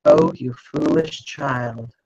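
A cold, furious father figure who speaks slowly and softly, with a gravelly, husky edge, as a woman puts him on in a book reading. The sound is dull and lo-fi, like a video call. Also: extremely low pitch, pitched below the performer's own voice, heavily acted. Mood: cold fury. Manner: slow, quiet, menacing. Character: stern furious father sorcerer, soft and deadly.

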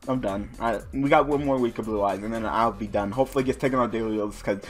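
A young man commentating his online card game, reading cards under his breath and ranting with frequent swearing when the draws go against him. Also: mid-range voice. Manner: frustrated ranting, heavy swearing; muttering while reading cards. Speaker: card game video host.

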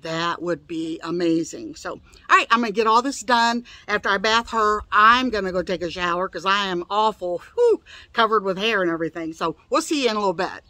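Woman, home vlogger, casual chat, folksy, rambling, mid-pitched. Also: animated, brisk, sharp tone, dry recording. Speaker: vlogger grooming her own dog.

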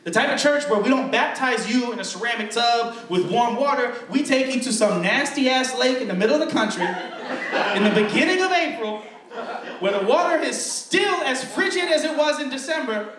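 Young man doing stand-up, high-pitched and animated, self-mocking, faint crowd room, mic far off. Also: moderate pace. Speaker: stand-up comedian. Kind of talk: stand-up comedy storytelling. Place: comedy club stage. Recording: roomy stage sound from a distant mic.

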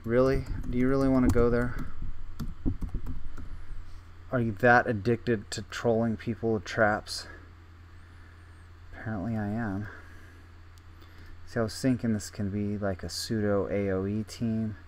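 A man's voice: fairly low pitch, level tone, a little slow, pauses often, slight background noise. A young man casually thinking aloud while playing a game, self-mocking and full of restarts. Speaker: gaming video host. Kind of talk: casual gameplay commentary.

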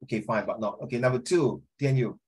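A man teaching a language class in colloquial English, keeping it lively and checking with tag questions that his students follow. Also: mid-range voice, fairly quick. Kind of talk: informal classroom lecture.

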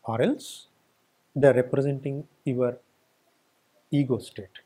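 A spiritual teacher from India gives a satsang discourse, speaking emphatically and building his points through repeated phrases and lists. His mid-range voice is mellow and slightly rough, slow, with fairly even intonation.

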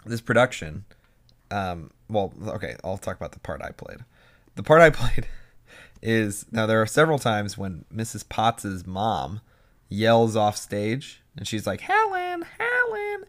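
A young man co-hosting a casual podcast, speaking in a somewhat low voice. He tells stories in quick, animated bursts and slips into little impressions of people. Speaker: podcast co-host. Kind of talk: casual chat.

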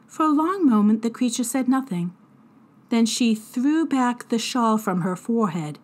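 A woman teacher reading a chapter book aloud to students in a deliberate, expressive narration. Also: on the high side. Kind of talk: storybook read-aloud narration.

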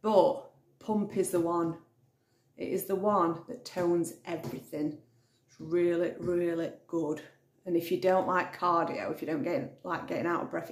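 A woman chats in a rambling, unscripted vlog from her home, breaking off mid-thought. Her low voice has a gravelly edge. The room gives it a noticeable echo. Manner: rambling, thinks aloud, self-interrupting. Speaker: vlogger. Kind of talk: casual chatty vlog. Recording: echoey room.

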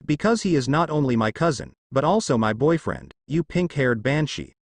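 A man's voice: mid-range voice, big pitch swings, normal speed, dry recording. A man voicing a cold, protective teenage girl who threatens with a sword.

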